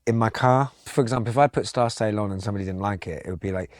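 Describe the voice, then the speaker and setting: Calm, reflective male guest with a very low voice, relaxed storyteller, dry studio sound. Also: very fast, no room sound. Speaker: podcast guest, songwriter.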